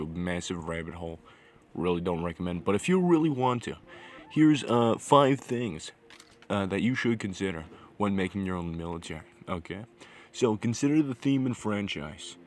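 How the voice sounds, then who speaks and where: A young man with a groggy morning voice giving crude, sweary, sarcastic advice in a casual vlog voice-over. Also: sits low. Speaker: gaming video creator.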